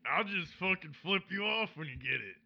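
A man with a high, gravelly voice trades crude banter on a comedy podcast, swearing freely. The recording is a bit muffled and lo-fi. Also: lively intonation, normal speed. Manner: profane and brash. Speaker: podcast co-host.

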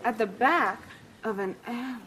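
A woman's voice: on the high side, moderate pace, close to an everyday voice. An actress playing a chatty woman tourist who giggles through a wild travel story in a comedy sketch. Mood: giggly. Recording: live audience laughter, noisy.

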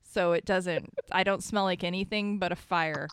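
A woman's voice: fairly low pitch, steady tone, moderate pace, clear, resonant tone, dry recording, studio quality. Easygoing, chatty woman podcaster. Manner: easygoing, chatty, laughs easily. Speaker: podcast co-host. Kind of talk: casual chat.

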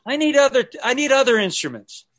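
A very high voice and a fairly quick delivery mark this man, a podcast guest in casual conversation. He tells lively stories, impersonating the people he quotes and dropping in sung snippets.

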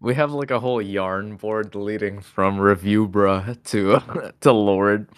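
A young man co-hosting a casual chat, laid-back and joking, quick to laugh. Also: fairly low pitch, smooth, no room sound, studio quality. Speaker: podcast co-host.

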